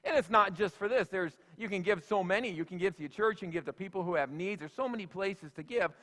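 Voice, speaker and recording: A man's voice: high-pitched, fast, a bit bright. A man giving a sermon as senior pastor, folksy and conversational, with plenty of asides and fillers. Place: church sanctuary. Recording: echoey church hall.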